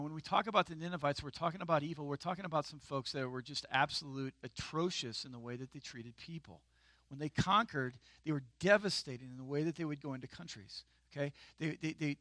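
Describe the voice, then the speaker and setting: A man's voice: on the high side, pushed and bright, no room sound. A man preaching a sermon in a casual, conversational way, with emphatic outbursts. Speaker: pastor.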